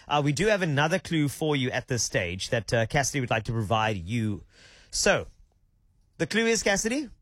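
A man's voice: a little high, fairly bright tone, no room sound. A man hosting drive-time radio, upbeat and chatty at a studio microphone. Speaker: radio host.

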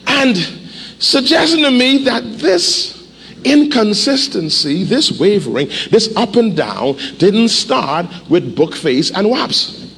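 A male pastor preaching a sermon, animated, with call-and-response and sudden shouts, in a church. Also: sits high, slow pace, gravelly, slightly rough. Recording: echoey hall, faint ambience.

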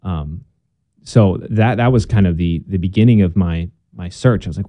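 Earnest young man with a dark voice. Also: sits low, a little fast, no room sound. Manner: earnest, chatty, many fillers and restarts. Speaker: guest sharing his conversion story. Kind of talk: casual conversational interview.

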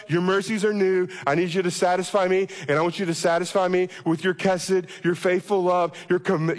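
A preacher man with a high voice delivers an impassioned sermon. He swings into pleading, prayer-like passages as he acts out a cry to God. His voice rings with the long reverb of a big hall. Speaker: pastor.

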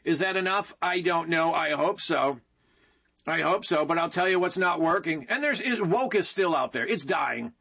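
A man hosting an opinionated political commentary monologue, with a high, husky voice. His tone is bright and tense, and he hammers points home by repeating them. He keeps addressing his listeners directly as folks. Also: animated, moderate pace. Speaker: political talk show host.

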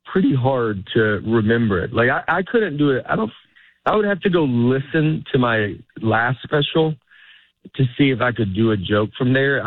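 A man's voice: mid-range voice, dry recording. Rambling comedian man on a tinny line. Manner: rambling, self-interrupting, laughs often. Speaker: stand-up comedian, guest. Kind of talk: casual interview chat. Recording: phone-like narrow line, dry.

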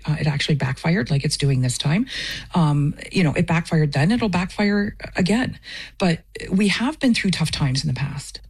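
A woman's voice: low-pitched, a little mellow, breathy edge. A woman from Canada, a festival director, talking earnestly and with feeling in an interview. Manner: earnest and emotional. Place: Portage, Michigan.

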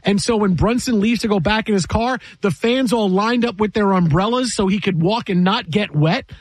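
Man, high voice, emphatic sports talk, animated, dry close mic. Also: dry recording. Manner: animated, emphatic, mimics other people in quick asides. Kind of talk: casual sports debate.

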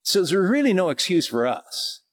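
A man teaching verse by verse through scripture, reading passages slowly and then explaining them, his voice rising when he presses a point. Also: sing-song. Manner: rises in pitch and force when pressing a point. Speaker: Bible teacher.

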